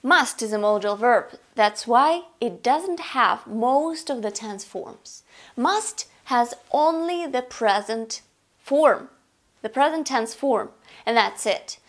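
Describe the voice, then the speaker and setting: Slow, clear woman teaching English grammar. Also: on the high side, expressive. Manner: slow, clear, deliberate explanation. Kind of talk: explaining grammar lesson.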